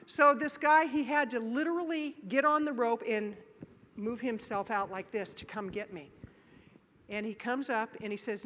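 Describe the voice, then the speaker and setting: A woman giving a motivational keynote in a large conference hall, telling a story with animated acted-out voices and shouts. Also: a little high, moderate pace, slight background noise. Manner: animated, acts out voices and shouts in her stories. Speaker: keynote speaker. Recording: live conference hall with long reverb.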